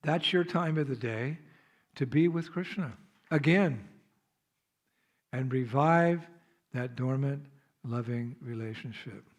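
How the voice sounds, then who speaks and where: A man's voice: medium pitch, slow, pauses often. A man with an American accent giving a devotional sermon at a temple, telling stories in a chatty way, laughing often and acting out the scenes. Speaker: visiting monk speaker. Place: temple hall.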